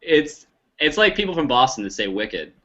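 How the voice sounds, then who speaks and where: A man jokes and teases as a guest on a video-call panel, his voice bright and sharp. The sound is dull and compressed. He talks in a loose, playful way. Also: mid-range voice, sing-song, moderate pace. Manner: joking, teasing.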